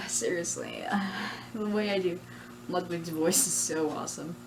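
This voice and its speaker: A woman's voice: on the low side, animated, measured pace, vocal fry, slight background noise, poor audio. A woman chatting casually in a vlog about her plush characters, giggly and rambling. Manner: giggly, rambling, self-pleased. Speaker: plush video creator.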